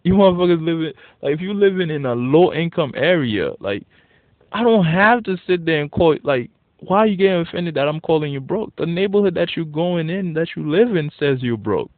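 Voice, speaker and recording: A man's voice: fairly high pitch, brisk, no room sound. Male vlogger, blunt and profane casual rant, recorded with thin lo-fi phone quality. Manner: blunt, profane, animated when worked up. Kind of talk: casual ranting monologue. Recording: tinny phone-like dry audio.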